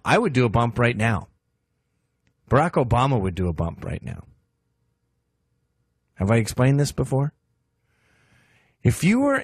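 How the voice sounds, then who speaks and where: A man's voice: mid-range voice, no room sound, studio quality. A man hosting a podcast, telling a comic story and jumping into silly voices for the characters in it. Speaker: podcast host. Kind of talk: comic monologue.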